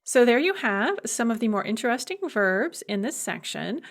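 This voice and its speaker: A woman teaching a recorded language lecture, explaining verb conjugation clearly and slowing down to model each form aloud. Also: fairly high pitch, very animated. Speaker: Russian language instructor.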